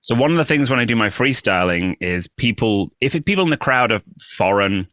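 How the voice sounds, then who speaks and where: A man's voice: medium pitch, expressive, a little fast, a bit bright, no room sound, studio quality. A British man, a comedian guest, telling anecdotes in a chatty podcast conversation. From United Kingdom. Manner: chatty anecdotal storyteller, slips into voices. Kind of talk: casual podcast chat.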